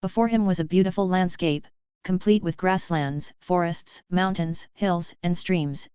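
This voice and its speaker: A woman narrating a web novel audiobook in a steady, even reading voice. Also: fairly low pitch, unhurried, smooth, no room sound, highs cut off.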